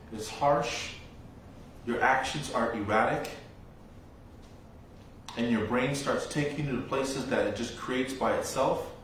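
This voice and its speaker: A man giving a dharma talk as a Buddhist monk teacher, telling stories slowly and reflectively with long pauses. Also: mid-range voice, a little hiss or hum. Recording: very echoey room, voice from far off.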